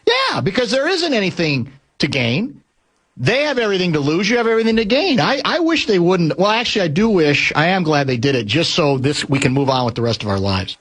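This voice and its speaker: Man, sports radio host, studio, blunt, sarcastic, slightly high voice. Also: very animated, brisk, a bit bright. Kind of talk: casual radio banter.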